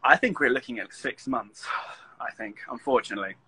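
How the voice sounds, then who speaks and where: A man's voice: medium pitch, brisk, bright, forceful tone, slightly rough, rough recording. A man joking around in a casual livestream chat. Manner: playful, joking.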